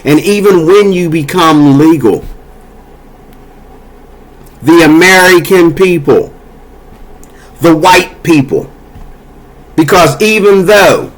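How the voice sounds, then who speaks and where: A man with a notably high-pitched voice launches into an angry political rant. He scolds and curses freely, his tone heated and confrontational throughout. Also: slow pace, pauses often. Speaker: political commentator. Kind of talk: angry monologue.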